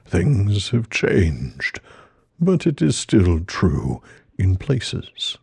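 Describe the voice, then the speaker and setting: An ancient male tree giant, as a podcast host puts him on, speaks slowly and carefully, each word drawn out. The voice sits low and mellow, with a dry, close sound. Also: huge pitch swings, creaky, husky, no echo, full character voice. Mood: wistful. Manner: slow, drawn-out and measured.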